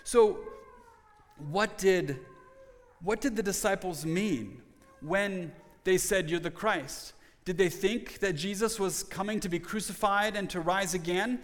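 A male pastor delivers a sermon in an earnest, conversational way, circling back and restarting phrases as he explains. His voice sits a little high for a man, and a long reverb trails each phrase in the room. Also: a little slow.

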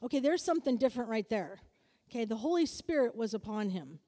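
A married woman giving a lively sermon-style lesson, asking her listeners for answers and acting out quoted voices. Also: fairly high pitch, fast talker. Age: adult, married. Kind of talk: sermon-style teaching to a group. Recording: long hall reverb.

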